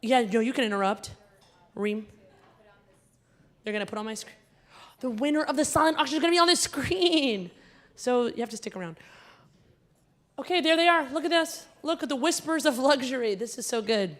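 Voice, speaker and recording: A woman's voice: high voice, expressive, normal speed, long pauses, a bit bright. Chatty woman comedian teasing a gala crowd. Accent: American, Connecticut-like. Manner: chatty, teasing the audience directly. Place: large performance hall on stage. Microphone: handheld stage mic.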